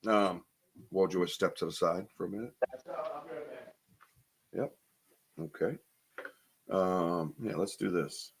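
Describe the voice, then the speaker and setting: A man's voice: low-pitched, steady tone, takes it slowly, pauses often, a little hiss or hum. A man hosting a casual live podcast, rambling and chatty as he reads viewer comments aloud, with lots of ums and restarts. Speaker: podcast host.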